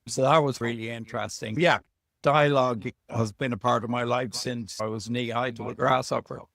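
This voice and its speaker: A man's voice: medium pitch, steady tone, normal speed, creaky, fairly bright tone, dry recording, studio quality. An Irish man, a guest author, chatting and telling anecdotes in an interview, a little self-deprecating. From Ireland. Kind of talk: relaxed storytelling interview. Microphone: video call.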